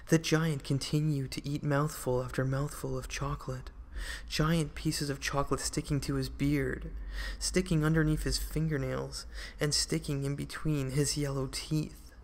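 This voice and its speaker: Man narrating a children's storybook. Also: fairly high pitch. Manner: measured, storytelling delivery. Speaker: audiobook narrator.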